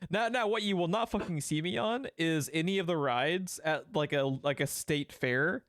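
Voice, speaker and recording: An animated man chats casually as a podcast co-host, swearing freely and laughing often. His voice is a little high for a man, and it is recorded close and dry. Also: normal speed, dry recording. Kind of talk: casual chat.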